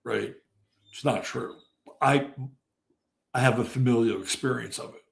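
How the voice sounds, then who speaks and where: Gravelly-voiced male podcast host. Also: medium pitch, unhurried. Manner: casual, rambling, swears freely. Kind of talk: casual commentary.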